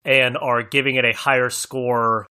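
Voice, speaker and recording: A man with a bright, tense voice talking movies as a podcast co-host. He hedges his opinions earnestly and laughs often as he goes. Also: mid-range voice, flat delivery, a little slow, clean tone. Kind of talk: casual film discussion.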